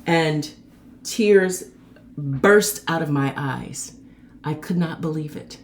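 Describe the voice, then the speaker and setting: Woman, low-pitched voice, host, personal storytelling, chatty, animated. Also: takes it slowly, a little hiss or hum. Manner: animated, acts out quoted people with sharp pitch jumps; chatty and conversational.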